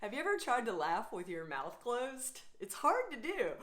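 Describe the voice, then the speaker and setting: A woman's voice: a little high, huge pitch swings, normal speed, a bit bright. A woman leading a laughter yoga class, upbeat and encouraging, breaking into laughter between her instructions. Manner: upbeat, encouraging, coaxing the viewer along. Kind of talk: guided laughter exercise class.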